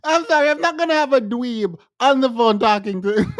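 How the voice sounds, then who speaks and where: A woman's voice: fairly high pitch, lively intonation, a little fast, dry recording. Woman podcast host, playful and mocking, always laughing, dry close mic. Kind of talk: casual reaction commentary.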